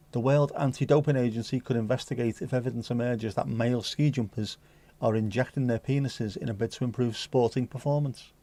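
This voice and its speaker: Man, livestream host, mid-pitched voice, loose banter with a cheeky edge, reads items out casually. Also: dark tone. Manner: chatty, joking banter with mild swearing; reads news excerpts aloud conversationally. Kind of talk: casual pub-style chat.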